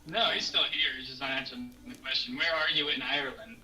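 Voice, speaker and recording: A man's voice: mid-range voice, fairly even intonation, fast talker, sharp tone. A man telling wry, self-deprecating stories in a casual livestream chat. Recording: distant mic with faint music.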